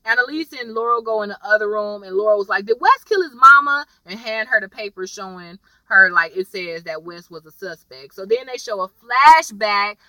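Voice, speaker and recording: A woman's voice: mid-range voice, normal speed, hardly any pauses, pushed and bright, no room sound, distant mic, low-quality recording. A young woman chatting casually as she recaps a TV episode, slangy and storytelling. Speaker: TV episode reviewer.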